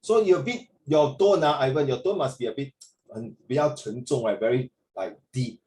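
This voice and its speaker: A man's voice: medium pitch, moderate pace, a little mellow, slight background noise, poor audio. A man teaching an online lesson over a video call, playful and teasing as he corrects a student and calls him "my dear".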